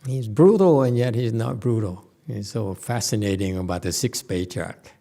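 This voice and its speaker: A man's voice: lowish voice, vocal fry, dark tone. A man teaching a Buddhist sutra to a live group in a temple hall. He talks casually, stops often to check in with "okay?" and "hmm?", restarts his sentences, and makes dry jokes. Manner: halting restarts, playful asides. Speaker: Buddhist master giving a sutra lecture. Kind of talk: conversational Dharma lecture.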